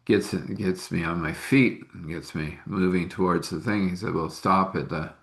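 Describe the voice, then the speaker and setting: Brief: man with a lowish voice, casual spoken storytelling, halting and rambling. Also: fairly even intonation, creaky, a bit bright. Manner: halting, rambling, with many restarts and fillers.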